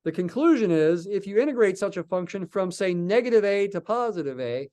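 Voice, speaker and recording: A man's voice: high voice, lively intonation, a little fast, mellow, clean tone. A man lecturing a calculus class in a slightly raised voice. He thinks aloud as he works, stops and restarts, and answers his own questions. It sounds like an unscripted classroom lecture. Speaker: math lecturer.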